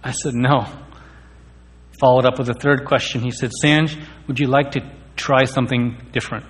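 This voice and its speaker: Man, earnest testimony, stumbles on words, mid-pitched, reverberant hall. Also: little pitch movement, normal speed. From India. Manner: earnest, stammers on key words. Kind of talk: personal testimony.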